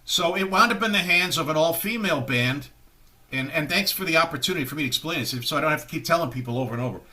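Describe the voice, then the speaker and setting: Bright-toned man telling rock stories. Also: fairly high pitch, quick pace. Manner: rambling storyteller who acts out quoted voices. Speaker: guest musician. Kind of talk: anecdotal storytelling interview.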